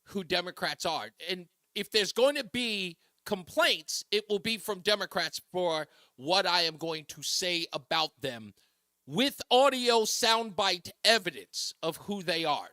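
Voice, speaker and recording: A man hosts a talk radio show, riffing on the news and taking calls with animated, mocking energy. His voice sits high and sounds bright and forceful. The studio sound is close and dry. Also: no room sound.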